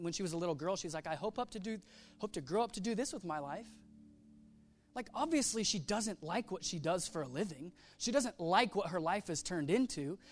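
A man preaching a sermon, telling a story with casual slang and acting out the quoted voices. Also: high voice. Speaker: pastor.

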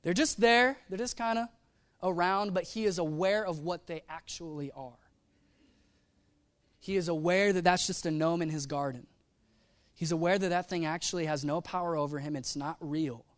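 A man preaching a sermon in a casual, animated way, full of slang and acted-out asides. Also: on the high side, normal speed. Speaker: pastor.

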